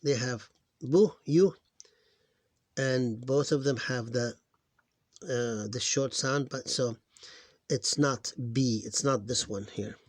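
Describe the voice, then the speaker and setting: A man teaching reading, slowly sounding out syllables one at a time, recorded on a close mic. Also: medium pitch, dry recording. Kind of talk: screen-recorded phonics lesson.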